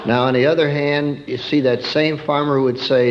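A man's voice: on the high side, fairly even intonation, normal speed, few pauses, highs cut off. A man preaching a sermon through a homespun childhood story, turning to ask his listeners questions.

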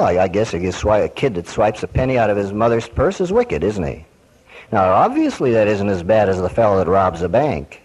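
A man's voice: on the low side, darkish tone, husky, poor audio. A man preaching a sermon, quoting scripture and questioning his listeners.

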